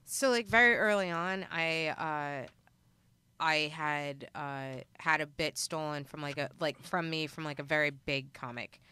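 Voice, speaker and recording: A woman's voice: deep voice, a little slow, bright, forceful tone, clear, resonant tone, no room sound. A woman comic telling a story in casual podcast chat, rambling with many fillers and acting out quoted voices. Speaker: stand-up comic and podcast guest.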